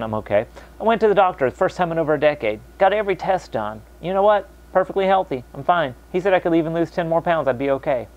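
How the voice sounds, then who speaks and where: A young American man talking casually to camera, animated, mocking other people's voices when quoting them. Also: fairly high pitch, highs cut off. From United States. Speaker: vlogger.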